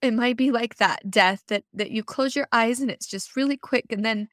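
A woman's voice: a little high, moderate pace, a bit bright, dry recording. Earnest woman podcast host, dry sound. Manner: earnest and emotional, talks in loose restarting sentences. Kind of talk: interview podcast chat.

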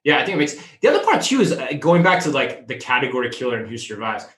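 A man with a bright, forceful voice talks through retail news in a lively, joking way. His voice rings in a roomy space with a noticeable echo. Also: mid-range voice, quick pace. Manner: animated, jokey, talks in bursts. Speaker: co-host of a retail news show. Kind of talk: casual news discussion.

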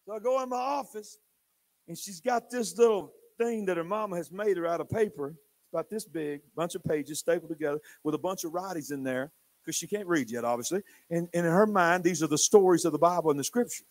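An older male pastor with a notably high voice preaches in church. He tells stories animatedly, dropping to a near whisper, then booming out. His delivery is expressive and conversational. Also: fairly quick. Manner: animated, swinging from hushed to loud. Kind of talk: sermon storytelling.

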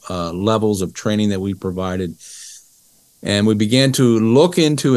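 Animated storytelling man, dry sound. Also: fairly low pitch, no room sound. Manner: animated storyteller who acts out dialogue. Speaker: interview guest, business educator. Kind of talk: conversational interview storytelling.

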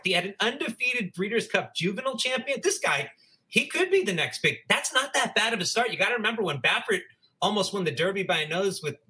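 A man's voice: high-pitched, sharp tone. A man co-hosting a racing podcast, giving upbeat, persuasive analysis in a casual chat. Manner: upbeat, persuasive, making points. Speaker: podcast co-host.

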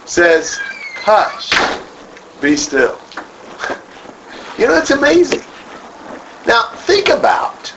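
A man leads a group Bible study at an unhurried pace, his pitch rising and falling widely as he quizzes the group and builds on their answers. The recording is muffled and lo-fi, with a faint hiss underneath. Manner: asks the group questions, then repeats and expands on their answers. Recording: dull lo-fi room recording with faint noise.

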